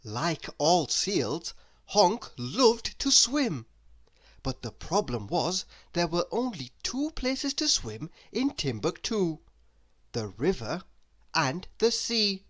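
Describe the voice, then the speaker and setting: A woman reading a children's bedtime story aloud, expressive and playful with asides to the listener. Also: lowish voice, slow pace.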